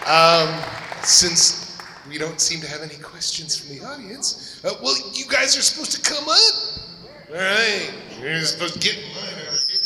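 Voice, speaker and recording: Guy running a con panel q&a, brisk and wry, bright voice, roomy echo. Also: on the high side. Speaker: panel moderator. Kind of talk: moderating a convention panel. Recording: echoey convention hall.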